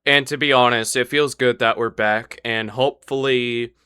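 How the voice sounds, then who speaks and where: A man's voice: mid-range voice, steady tone, moderate pace, sharp tone, clean tone, dry recording, studio quality. A young man running a live tabletop game as dungeon master, chatting casually and explaining the rules plainly.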